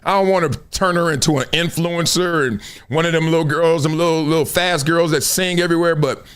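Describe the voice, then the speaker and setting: A middle-aged man hosting a live sports and culture stream, talking in loose slang with loud bursts and low asides. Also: a little fast, clear, resonant tone. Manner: animated, slangy, jumps between loud bursts and low mutters. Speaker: show host.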